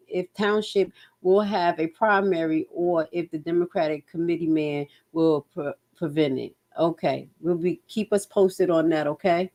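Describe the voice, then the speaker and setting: Livestream host, woman, Jersey accent, lowish pitch, casual and animated. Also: normal speed. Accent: New Jersey. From New Jersey. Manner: animated, swings loud and high when exclaiming. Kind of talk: casual livestream chat reading comments.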